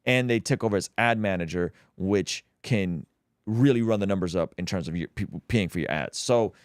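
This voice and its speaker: A man's voice: deep voice, clear, resonant tone, dry recording, studio quality. A man hosting a casual livestream, talking animatedly and bantering with his co-host. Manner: animated, quick to laugh, banter-driven.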